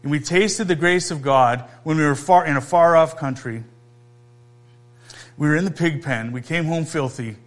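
A man delivering a sermon in an easy, conversational way, leaning on emphasis and pauses. He often turns to his listeners with questions. His voice sits a little higher than most men's. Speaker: pastor.

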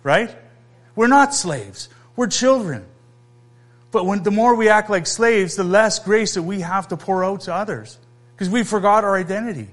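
A man delivering a sermon in an easy, conversational way, leaning on emphasis and pauses. He often turns to his listeners with questions. His voice sits a little higher than most men's. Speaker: pastor.

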